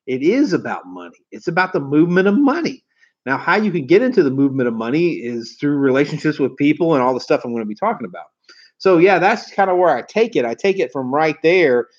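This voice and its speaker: A man, a car sales trainer telling rambling, salty stories to camera. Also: mid-range voice. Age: 40s. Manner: swearing, folksy, rambling storyteller. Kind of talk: storytelling to camera. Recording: dull lo-fi recording.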